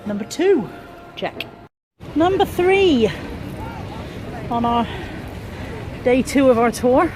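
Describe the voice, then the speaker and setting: A woman narrates a walking vlog as she goes, chatty and ready to laugh at herself. Her voice sits a little high, and she holds the camera in her hand outdoors. City traffic and street noise come through clearly behind her. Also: very animated, slow, long pauses. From England, Bristol. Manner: chatty, self-mocking, narrating as she walks. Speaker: vlogger. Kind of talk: casual walk-and-talk vlog.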